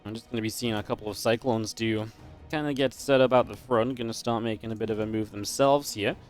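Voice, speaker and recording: Chatty esports caster. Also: male voice, on the low side, steady tone, brisk, soft background music. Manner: analytical, chatty, laughs easily. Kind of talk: play-by-play game commentary.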